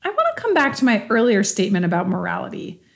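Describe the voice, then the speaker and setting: A woman's voice: mid-range voice, huge pitch swings, fast, gravelly. A woman reading the part of a skeptical challenger who questions a utilitarian in a scripted philosophical dialogue, probing and doubtful.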